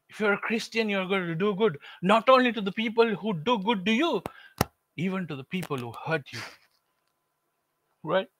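A man's voice: high-pitched, a bit bright. A man preaching a sermon, earnest and repetitive, telling a story to make his point. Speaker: pastor.

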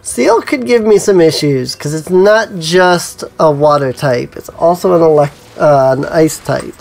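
A man's voice: fairly high pitch, unhurried, gravelly, darkish tone, faint music behind. A man giving casual gameplay commentary as a let's play host, musing to himself with frequent ums.

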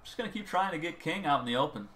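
A man giving casual commentary over his own football video game, excitable and quick to shout at bad plays. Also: a little high. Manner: excitable, swings from calm play-calling to loud outbursts. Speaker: gaming channel host. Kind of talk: gameplay commentary.

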